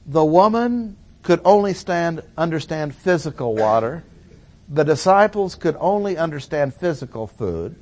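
A man's voice: fairly high pitch, big pitch swings, a little slow, darkish tone. A man teaching through a Bible passage verse by verse, stressing key words with plain-spoken asides. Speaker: preacher.

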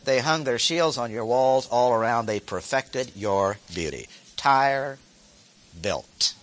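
A man's voice: medium pitch, animated, takes it slowly, fairly bright tone. A man teaching a Bible lesson, reading verses aloud and stopping to explain them with short asides and repeated key phrases. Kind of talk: expository Bible lecture.

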